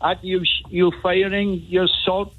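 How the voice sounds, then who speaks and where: A man calling in to a radio show, talking slowly and wryly, chuckling as he goes. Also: high-pitched, completely flat delivery. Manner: slow, chuckling, wry. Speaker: caller. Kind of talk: phone-in call to a radio show. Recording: tinny phone line.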